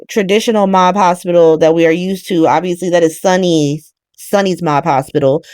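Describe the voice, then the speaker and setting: A woman with a notably low voice recaps a soap opera on her podcast in an easy, casual chat. She talks in an animated, profane way and laughs along the way. The sound is dry and close, with almost no room around it. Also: dry recording.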